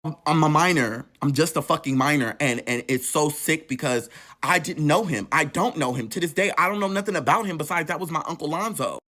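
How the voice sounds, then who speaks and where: A man telling a painful personal story in an emotional, profane, animated way. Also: a little high, a little fast. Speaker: storytelling vlogger.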